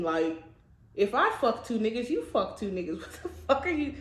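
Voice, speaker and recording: Young woman vlogger, casual storytime, crude and laughing, higher pitch, roomy echo. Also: big pitch swings, moderate pace, a bit bright. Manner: blunt, profane, laughs often. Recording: echoey room.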